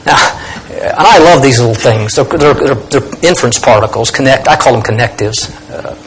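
A man's voice: medium pitch, normal speed, a little hiss or hum, poor audio. A man teaching a Bible lesson, explaining Greek words emphatically and thinking aloud with restarts.

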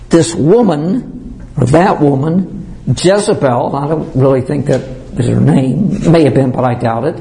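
A man preaching as a pastor, teaching verse by verse. He slows down to stress key words and often clears his throat. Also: a little high, mellow, low-quality recording.

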